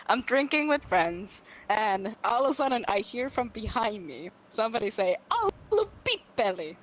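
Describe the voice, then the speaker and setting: A woman's voice: fairly high pitch, normal speed, low-quality recording. A young woman from Finland chatting casually on a podcast, acting out the people she quotes. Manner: animated, acts out quoted voices. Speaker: podcast guest. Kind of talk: casual chat.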